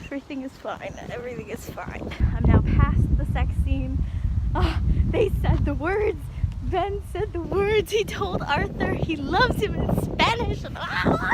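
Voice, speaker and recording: The recording is very noisy, and the young woman's voice is very high-pitched, animated yet unhurried. She gushes with emotion, often out of breath, in a casual vlog about the book she's reading, whether on a bus, at home, or in a staff room.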